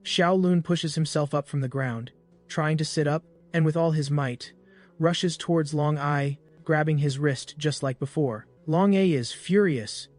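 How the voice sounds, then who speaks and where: A man narrating a comic recap in a brisk storytelling voice with small slips. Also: on the high side, faint music behind.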